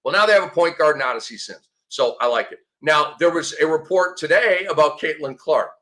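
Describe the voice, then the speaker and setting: A man in his fifties hosting a sports show, talking in a sarcastic, excitable way and breaking into mock shouts. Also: on the high side, a little fast. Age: 50s. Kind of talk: animated sports commentary.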